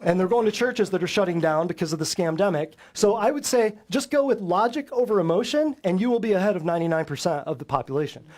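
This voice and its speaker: High-voiced, emphatic male health host. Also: expressive, quick pace, hardly any pauses, a little mellow. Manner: emphatic, fires rhetorical questions at listeners; blunt and combative. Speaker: natural health show host. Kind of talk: lecture to a live audience.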